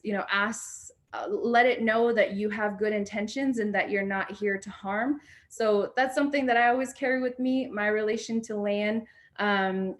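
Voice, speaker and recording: A young woman speaks on a video call, sharing a personal story. Her voice sits at a middling pitch. Her delivery is reflective and halting, full of ums and restarts. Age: young adult. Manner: reflective, frequent fillers and restarts. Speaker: panel speaker.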